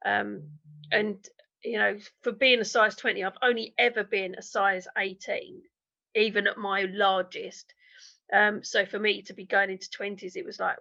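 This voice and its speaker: A woman's voice: mid-range voice, steady tone, moderate pace, vocal fry, bright, forceful tone. A woman, chatting candidly and self-deprecatingly as an interview guest over a video call. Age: 50s. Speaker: interview guest, diet consultant. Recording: dull lo-fi video call audio.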